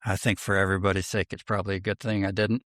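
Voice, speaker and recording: A man's voice: low voice, level tone, very fast, a bit bright, no room sound, studio quality. An American man co-hosting a podcast in a casual, chatty and upbeat way, laughing easily. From United States. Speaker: podcast co-host.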